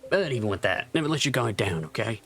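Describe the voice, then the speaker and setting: Man reading as a calm patrolling cop. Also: mid-range voice, fast talker. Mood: steady. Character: patrolling police officer, steady and reassuring.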